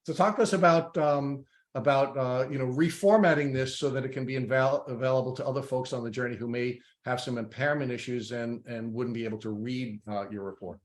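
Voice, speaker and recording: A man hosting an interview podcast, talking in a halting way with many restarts and repeated words. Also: mid-range voice, fairly even intonation. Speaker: podcast host. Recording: roomy echo.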